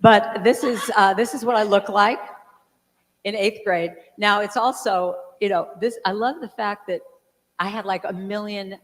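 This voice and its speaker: A chatty woman in her sixties speaks to a congregation in a large church hall, at a medium pitch. She tells her stories with plenty of fillers and acts out little quotes. A long reverb from the hall trails after her words. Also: fairly even intonation, a little slow. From California. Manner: chatty, storytelling, lots of fillers and acted-out quotes. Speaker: guest speaker and singer. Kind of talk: casual talk to a congregation.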